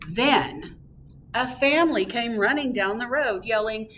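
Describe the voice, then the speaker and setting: A woman reading a picture book aloud at a library storytime, with expressive storytelling. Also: on the high side, measured pace, muffled recording, a little hiss or hum. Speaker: storytime reader. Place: public library.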